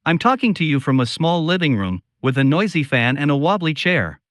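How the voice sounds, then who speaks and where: Man, storyteller, slow and solemn delivery, confiding tone, slightly high voice, dry close sound. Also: very animated, fairly bright tone, no room sound. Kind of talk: scripted first-person story narration.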